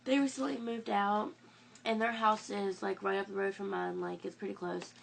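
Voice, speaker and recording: A woman's voice: medium pitch, level tone, moderate pace, creaky, a little hiss or hum. A young woman rambling through a late-night vlog at home, sick and sniffling, with lots of fillers and restarts. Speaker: vlogger.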